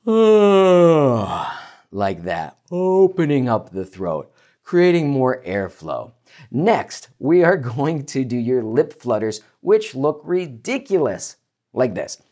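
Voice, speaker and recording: An energetic male voice coach leads a warm-up lesson, his pitch swinging widely as he explains and demonstrates. He talks straight to his listener with an encouraging, hands-on manner. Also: slow pace. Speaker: voice coach and keynote speaker. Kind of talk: instructional talk to camera.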